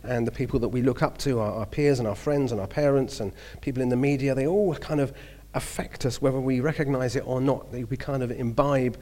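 A man's voice: mid-range voice, steady tone, brisk, few pauses, dark tone. A man in his fifties with a Cockney accent, preaching a sermon with lots of chatty stories, hesitations and restarts. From southeast London. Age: 50s.

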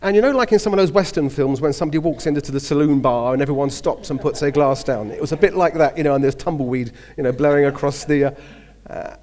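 A man's voice: on the high side, quick pace, darkish tone. A man in his fifties with a Cockney accent, preaching a sermon with lots of chatty stories, hesitations and restarts. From southeast London. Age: 50s.

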